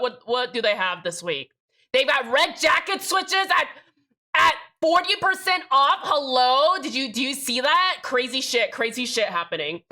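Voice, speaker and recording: A woman's voice: a little high, sharp tone. A young woman streaming live, chatting casually with viewers, bubbly, swearing freely and reading chat aloud.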